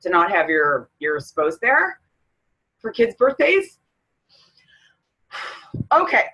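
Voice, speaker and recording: A woman's voice: on the low side, very animated, takes it slowly, pushed and bright, breathy edge, low-quality recording. A middle-aged woman from Canada, a fitness coach, talking openly to camera in a personal vlog, emotional and close to tears. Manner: emotional, tearful, candid.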